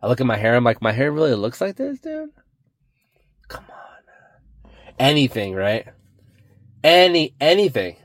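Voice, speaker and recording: A man's voice: medium pitch, big pitch swings, normal speed, dry recording, studio quality. A young man hosting his own podcast, rambling and joking about himself, often saying "dude". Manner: rambling, self-mocking, says "dude" a lot. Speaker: podcast host. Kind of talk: solo podcast monologue.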